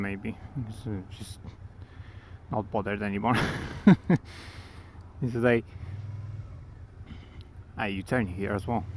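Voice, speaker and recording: A man riding a motorcycle through city traffic, talking to his helmet mic about his gear and swearing at other drivers. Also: medium pitch. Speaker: motorcycle vlogger. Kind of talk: riding motovlog commentary. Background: traffic and engine.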